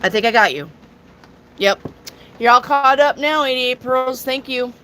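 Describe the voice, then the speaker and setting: A woman's voice: high-pitched, unhurried, a bit bright, slight background noise. A woman giving a casual live tarot reading to viewers, chatty and jokey with crude asides. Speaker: tarot reader.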